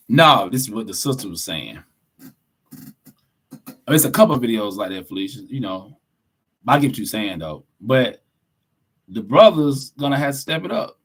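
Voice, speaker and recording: A man's voice: mid-range voice, vocal fry. Blunt, preachy podcast co-host man. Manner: blunt, preachy, profane, emphatic. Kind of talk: casual opinionated podcast talk.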